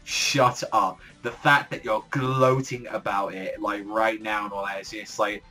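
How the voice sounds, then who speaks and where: A man's voice: fairly low pitch, fairly even intonation, unhurried, pushed and bright, faint music behind. A man reviewing a comic chapter in casual, rambling commentary, full of fillers and swearing. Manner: rambling, heavy filler words, swears often. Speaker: manga reviewer.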